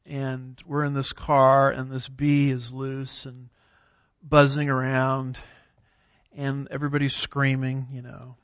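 A man teaching a theology class in a lecture style, reading scripture aloud slowly with emphasis and now and then clearing his throat. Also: mid-range voice, completely flat delivery, fairly bright tone, no echo, lo-fi sound. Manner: clears throat, occasional fillers.

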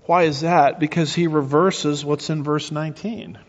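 A man's voice: on the high side, fairly even intonation, normal speed. A middle-aged man preaching emphatically, asking rhetorical questions and restarting his phrases. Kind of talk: sermon-style teaching. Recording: muffled recording with long reverb.

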